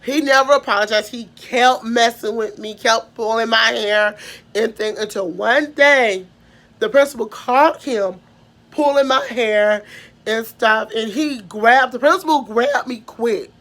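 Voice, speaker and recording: A woman with a Southern Mississippi accent tells a personal story, her voice sitting a little high. She rambles, restarts her sentences and trails off with filler sounds. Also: unhurried, a bit bright. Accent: Southern American (Mississippi). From Mississippi, USA. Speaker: vlogger.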